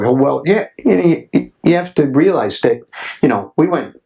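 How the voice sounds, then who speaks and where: A man's voice: on the high side, lively intonation, brisk, gravelly, a little mellow. A middle-aged man reminiscing casually, a rambling storyteller who acts out quotes, with many restarts. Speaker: former tour crew member recalling the road.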